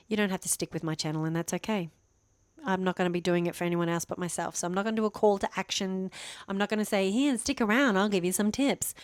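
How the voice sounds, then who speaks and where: A middle-aged woman, a former teacher, speaks in a lowish voice with no echo. In a casual talking-head vlog at her home near a main road, she chats about herself in a rambling, self-deprecating way, with a microphone on a stand facing her and the camera turned away.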